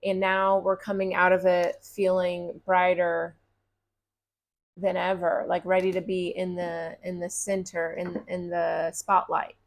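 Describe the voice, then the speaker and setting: A woman giving a collective tarot reading in a casual, reassuring, conversational way, with drawn-out pauses. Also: fairly low pitch, monotone, gravelly, a little hiss or hum. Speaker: tarot reader.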